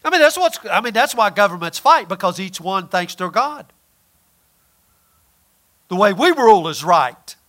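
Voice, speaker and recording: A man preaching a folksy, emphatic sermon, swinging between loud points and quiet asides. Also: sits high, sing-song, moderate pace, long pauses.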